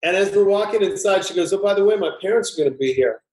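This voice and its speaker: A man's voice: high-pitched, fast. A middle-aged man, a screenwriter guest, telling a story casually and acting out the voices in it. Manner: animated, acts out voices in anecdotes. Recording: roomy echo.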